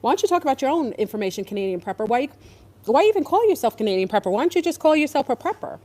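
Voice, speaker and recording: A woman's voice: high voice, big pitch swings, very fast, dark tone. A woman ranting in casual commentary, exasperated and sarcastic, now and then mocking others in put-on voices. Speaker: podcast host.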